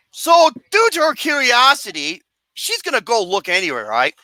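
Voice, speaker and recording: Film review rant, profane, lively swooping pitch, bright edge, dry sound. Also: moderate pace, no echo. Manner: profane, animated, mimics scenes with mock wails and singing. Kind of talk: ranting film review chat.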